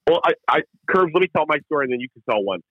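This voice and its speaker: A man co-hosting a casual hockey show, telling stories quickly with lots of stumbles and restarts. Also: a little high, big pitch swings, phone-quality sound. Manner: rapid storytelling with frequent restarts. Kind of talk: casual sports chat.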